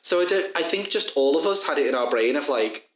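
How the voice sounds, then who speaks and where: A young man with a Liverpool accent telling a story in casual podcast chat, animated and swearing freely. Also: fairly high pitch, fairly quick. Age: young adult. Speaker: podcast co-host. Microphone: badly placed mic. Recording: echoey room.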